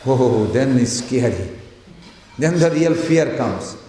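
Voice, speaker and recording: A man's voice: mid-range voice, lively intonation, takes it slowly, dark tone. A man giving a devotional lecture, telling stories and voicing the people in them. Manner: storytelling, quotes figures in their voices; chants Sanskrit verses. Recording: echoey hall.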